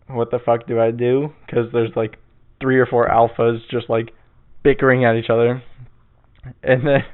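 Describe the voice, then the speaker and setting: A man hosting his own podcast in casual chat, rambling and swearing with lots of fillers. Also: medium pitch. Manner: rambling, profane, full of fillers. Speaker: podcast host. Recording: tinny phone-like sound.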